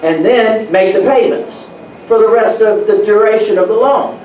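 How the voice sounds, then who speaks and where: Man, high voice, animated storyteller at a meetup, recorded from a distance in a roomy hall with faint background noise. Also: normal speed, dull audio. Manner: storytelling, animated, laughs at own stories. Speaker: real estate speaker. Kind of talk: motivational talk to an audience. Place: meeting room.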